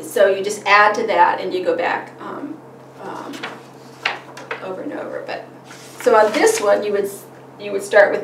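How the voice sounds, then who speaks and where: A woman's voice: medium pitch, moderate pace, long pauses. A woman giving a workshop on reading with children, acting out sing-song questions between plain explanation and frequent fillers. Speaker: literacy trainer. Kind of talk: workshop presentation. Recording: roomy, distant mic with faint noise.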